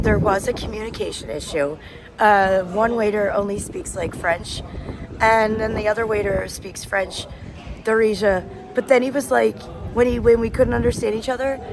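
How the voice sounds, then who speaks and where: Out and about between streets and cafes, a woman narrates her travel vlog casually to camera, talking eagerly about food and places. She has a medium-pitched voice, with traffic and street sounds behind her.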